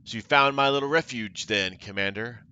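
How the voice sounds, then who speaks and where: A man's voice: mid-range voice, normal speed, bright, forceful tone, clean tone, dull audio, lightly acted. A man voicing a cruel, taunting female cult leader while reading game dialogue aloud, with mocking theatrical delivery.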